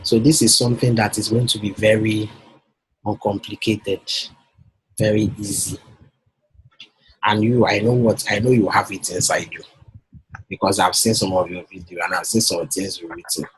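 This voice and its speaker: A man's voice: lowish voice, level tone, moderate pace, pauses often, slightly rough, low-quality recording. A man coaching a client on a call, persuasive and often checking that she follows. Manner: persuasive, repeats himself, checks for understanding. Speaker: business coach.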